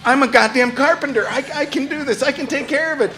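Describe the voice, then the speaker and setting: A man's voice: very high voice, quick pace, bright, forceful tone, pitched above the performer's own voice. A man doing a whimpering giant cowboy. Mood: pleading. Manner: whiny stammering apology. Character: giant cowboy shrunk pathetic and pleading.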